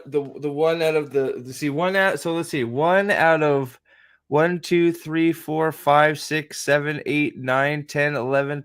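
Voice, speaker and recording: A man's voice: fairly high pitch, a bit bright. A young man hosting a show review, giving profane, exasperated, sarcastic reaction commentary as he watches an episode.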